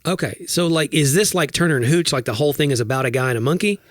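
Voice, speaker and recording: A man's voice: on the high side, fast, no room sound, clean studio sound. A man co-hosting a podcast in casual chat, playful and teasing, musing aloud. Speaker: podcast co-host.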